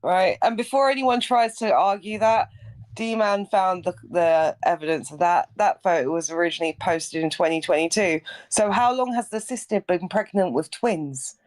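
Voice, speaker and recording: A woman's voice: fairly low pitch, normal speed, darkish tone. Woman co-host with dry remarks. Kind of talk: casual recap commentary.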